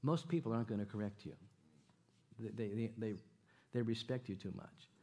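A man preaching a church sermon, animated and jokey, often repeating his phrases and questioning the congregation. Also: fairly low pitch, moderate pace. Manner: animated, jokey, repeats himself, audience call-outs. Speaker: guest preacher. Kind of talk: sermon with stories and jokes. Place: church sanctuary.

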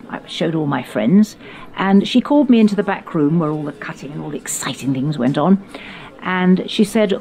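Older english lady telling fun stories about her youth, kinda low voice, bit of background hiss. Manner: animated storyteller, theatrical quoted voices, frequent laughs. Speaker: podcast host recalling her youth. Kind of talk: reminiscing conversation.

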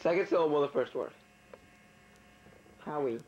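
A man at home playing charades with family, rapidly calling out guesses in casual chatter. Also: a little high, a little mellow, a little hiss or hum. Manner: guessing rapidly aloud, trying out words. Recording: dull lo-fi home video.

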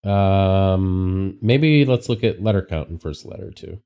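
Man, streamer co-host, casual puzzle chat, lively intonation, unhurried. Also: low voice, smooth. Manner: relaxed, halting, many fillers. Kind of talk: casual livestream chat solving a crossword.

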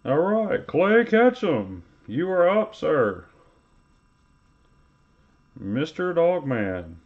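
A man's voice: on the high side, big pitch swings, drawn-out words, phone-quality sound. A man hosting a live card-opening stream, calling out card names and teasing viewers with joking banter. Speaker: live card-break host. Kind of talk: casual livestream commentary.

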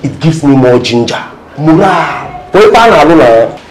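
A man's voice: on the high side, big pitch swings, a little slow, echoey room, low-quality recording. An actor with a Nigerian accent playing a cocky student who mocks his friend in pidgin. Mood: mocking. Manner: mocking, pidgin banter. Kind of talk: Nollywood film acting.

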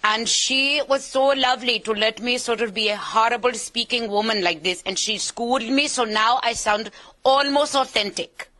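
A woman's voice: fairly high pitch, moderate pace, sharp tone, voice pushed up. A woman voicing a cheerful woman colleague with an Indian English accent, speaking in a lilting, sing-song way. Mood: playful.

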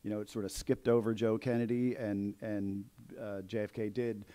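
Male author, lowish mellow voice, halting and thoughtful. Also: flat delivery. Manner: hesitant, many restarts and fillers. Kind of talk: conversational book interview. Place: bookstore event space.

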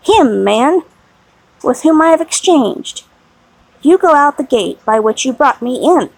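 A woman's voice: sits high, lively intonation, unhurried, gravelly, dry recording, heavily acted, rough recording. A woman reading the lines of a resolute grown man in a prison cell, urgent and commanding in manner.

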